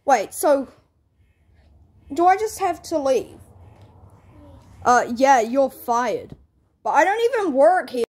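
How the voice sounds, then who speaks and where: A woman doing a fed-up squeaky plush character. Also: expressive, takes it slowly, pauses often, a little mellow. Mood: confused. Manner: exasperated, hesitant, full of ums. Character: annoyed plush character suing a cartoon. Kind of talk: homemade plush comedy skit.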